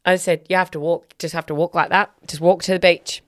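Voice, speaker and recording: A woman's voice: lowish voice, fairly even intonation, normal speed, hardly any pauses, fairly bright tone, no room sound, studio quality. A woman, co-hosting a casual chat podcast and telling a story bluntly, swearing and acting out quotes. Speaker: podcast co-host.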